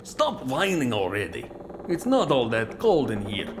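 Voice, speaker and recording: An actor playing a surly Russian prison guard in a video game, talking in a blunt, dismissive way. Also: male voice, medium pitch, wildly swooping pitch, unhurried, soft background music. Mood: gruff, dismissive.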